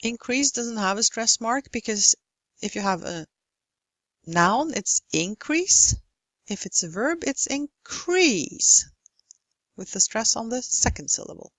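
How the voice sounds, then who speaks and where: A woman teaching English word stress in a recorded lecture, slowly and carefully modelling each example word. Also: fairly high pitch, animated, fairly bright tone, no room sound. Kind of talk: recorded lecture over slides.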